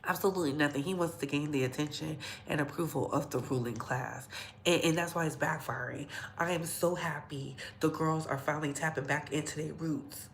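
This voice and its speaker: A woman's voice: deep voice, fairly even intonation, fairly quick, a little hiss or hum. A woman vlogger ranting bluntly and profanely in heated commentary, in an echoey room.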